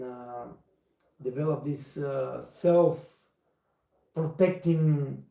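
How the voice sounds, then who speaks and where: Guy on a live stream, mellow voice, kinda high, repeats himself for emphasis, echoey room. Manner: emphatic, repeats words for stress, non-native phrasing. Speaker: livestream host and waiter trainer. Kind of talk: casual livestream talk.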